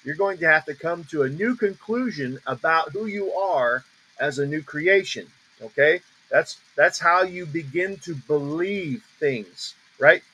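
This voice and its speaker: A man teaching on a ministry call in a preaching style, emphatic and repeating declarations slowly with heavy stress on each word. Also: a little high, lively intonation, sharp tone, husky, poor audio.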